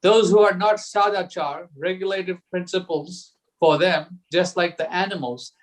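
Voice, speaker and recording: Discussion leader, male, a touch high-pitched, reads texts aloud in an unhurried, chuckling way. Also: fairly even intonation. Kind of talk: reading aloud and group discussion.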